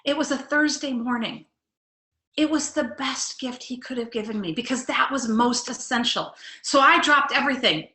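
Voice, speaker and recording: A woman's voice: sits high, moderate pace, sharp tone, roomy sound. A middle-aged woman, a life coach giving a motivational webinar talk, earnest and direct, putting questions to her audience.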